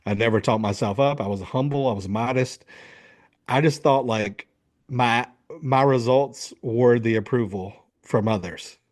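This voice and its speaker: A man's voice: medium pitch, measured pace. A middle-aged man, a men's coach, telling a story in an interview, acting out what people said and swearing freely. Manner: animated, acts out quotes, swears freely.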